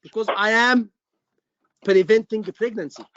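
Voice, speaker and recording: A man's voice: sits high, unhurried, a bit bright, no echo, lo-fi sound. A man tutoring students for a medical exam, emphatic and repeating his words. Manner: emphatic, repeats words, says "brother" often. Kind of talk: online teaching session.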